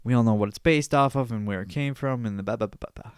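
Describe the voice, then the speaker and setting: Young male podcaster, smooth clear voice, dry close sound, swears and rambles, solo casual rant. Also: medium pitch, quick pace, dry recording. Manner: profane, rambling, repeats himself. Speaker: podcast host.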